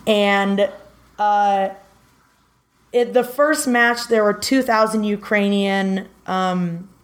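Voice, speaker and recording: Woman, podcast co-host, casual storytelling, rambling delivery, mid pitch. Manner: rambling, lots of filler words.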